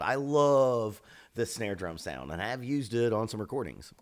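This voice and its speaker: A man's voice: mid-range voice, a little slow, slight background noise. Blunt, opinionated drum teacher, a man. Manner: blunt, opinionated, swears freely, lively emphasis. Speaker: drum teacher reacting to songs. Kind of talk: casual reaction commentary.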